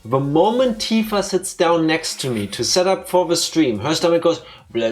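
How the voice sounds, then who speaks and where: A man's voice: a little high, lively intonation, moderate pace, faint music behind. Man teasing on a stream. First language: German. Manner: rambling, teasing. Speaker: streamer co-host. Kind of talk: casual live-stream chat.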